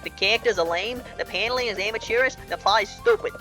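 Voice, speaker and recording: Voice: medium pitch, fast talker, over music. A streamer reading a visual novel aloud, voicing the characters in a casual, snappy way. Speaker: let's-play streamer.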